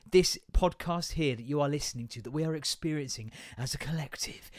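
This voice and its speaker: A man's voice: fairly high pitch, no room sound, studio quality. A tired man, rambling through a self-mocking solo podcast. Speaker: podcast host. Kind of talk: casual solo podcast chat.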